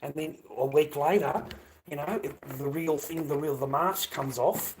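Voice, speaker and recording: An Australian man in a profane, rambling casual chat to viewers, breaking into loud bursts. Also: a little high, moderate pace, a little hiss or hum.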